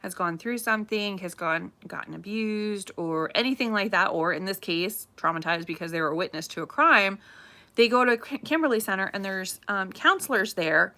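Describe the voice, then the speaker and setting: A woman chatting casually on a livestream, gossipy and animated, repeating herself as she tells a local story. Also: mid-range voice, moderate pace. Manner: chatty, animated, says "craziness" often. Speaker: realtor livestream host.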